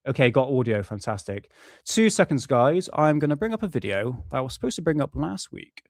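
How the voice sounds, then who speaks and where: A man's voice: mid-range voice, sing-song, fairly quick, a little mellow, no echo, clean studio sound. A middle-aged British man hosting a casual live stream from home, chatty, swearing often and laughing at himself. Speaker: livestream host. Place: home room.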